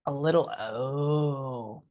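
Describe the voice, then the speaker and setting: Chatty woman medium, halting and casual. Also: rumbling low, warm tone. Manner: chatty, halting, trailing off and cursing. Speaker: spiritual medium. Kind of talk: casual reading session.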